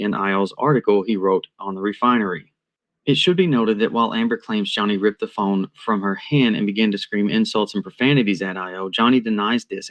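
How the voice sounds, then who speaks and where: Measured, analytical man narrating a commentary. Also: fairly low pitch, dull audio.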